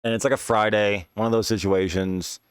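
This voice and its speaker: A man's voice: fairly low pitch, steady tone, a little fast, smooth, dry recording, studio quality. A man telling a long personal story in casual, slangy speech, swearing freely and often asking "you know what I mean.". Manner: rambling, profane, slangy; leans on filler tags. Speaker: podcast host.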